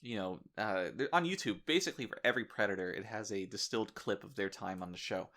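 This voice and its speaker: A man hosting a casual podcast chat, telling animated stories with crude, irreverent humor. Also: lowish voice, fast talker. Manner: animated storyteller, acting out quoted people. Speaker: podcast host.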